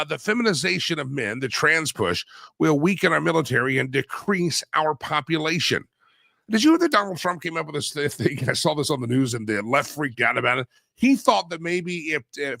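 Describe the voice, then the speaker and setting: A raspy, hoarse man hosts a talk radio show, his lively delivery swinging up and down in pitch. His voice is gravelly and bright, recorded close and dry on a studio mic. He teases his listeners as he talks. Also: dry recording. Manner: animated, teasing, jumps between loud and mumbled. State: hoarse, voice wearing out. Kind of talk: opinionated talk radio monologue.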